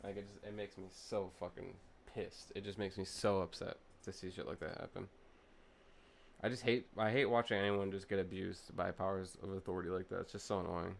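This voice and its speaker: A young man with a low voice and vocal fry streams a truck-driving game from his home setup, chatting briskly with fairly even intonation. He tells a heated, profane story while the game's truck engine and road ambience play in the background.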